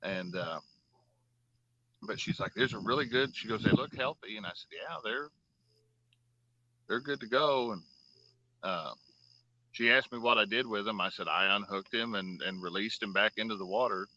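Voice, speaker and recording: Man, lowish voice, bright and forceful tone, rambling fishing yarns, dull lo-fi sound. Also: normal speed, pauses often. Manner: rambling storyteller, drawling, many fillers. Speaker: fishing show host. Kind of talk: casual chat while fishing.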